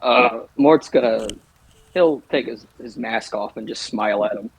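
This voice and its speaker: A man playing a tabletop game, calmly describing what his character does. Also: lowish voice, measured pace, creaky, slightly rough, poor audio. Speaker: player.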